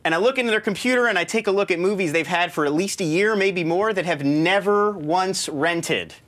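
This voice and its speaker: A man's voice: high-pitched, fairly bright tone. Sarcastic joking male movie reviewer. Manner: sarcastic, joking, quick asides. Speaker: show host reviewing movies. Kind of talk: casual comedic movie review.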